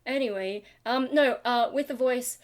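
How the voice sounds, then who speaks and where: A woman's voice: a little high, moderate pace. A tired young woman, a singer and channel host, rambling casually and self-deprecatingly about vocal technique into a webcam. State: tired from lack of sleep. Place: home, talking to a webcam.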